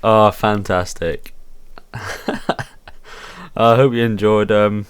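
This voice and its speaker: A man's voice: fairly low pitch, steady tone, very slow, smooth. A man hosting a reaction video, talking casually with laid-back, chuckling asides.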